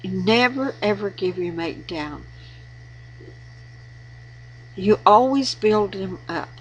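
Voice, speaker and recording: A woman's voice: medium pitch, animated, measured pace, lo-fi sound, slight background noise. A woman giving earnest, preachy marriage advice in an informal devotional talk, repeating words for emphasis. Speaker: Christian video blogger giving marriage advice.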